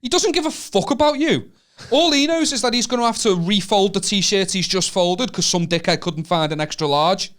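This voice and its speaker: A man's voice: sits high, normal speed, fairly bright tone. A man from the north of England, co-hosting a comedy podcast, ribbing his friend in sweary casual banter. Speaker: podcast co-host.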